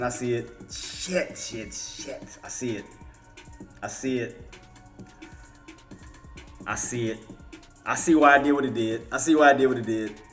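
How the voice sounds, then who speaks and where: A man's voice: mid-range voice, bright, forceful tone. A man streaming live trading commentary, talking in casual slang and often venting in frustration, repeating himself and cursing under his breath. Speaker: day trading livestream host.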